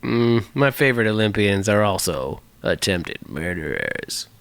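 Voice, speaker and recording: A man's voice: lowish voice, sing-song, a little slow, gravelly, a little hiss or hum. A man co-hosting a casual podcast, swearing freely and drifting off on tangents. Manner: profane, rambling, jokey. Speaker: podcast co-host. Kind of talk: casual chat.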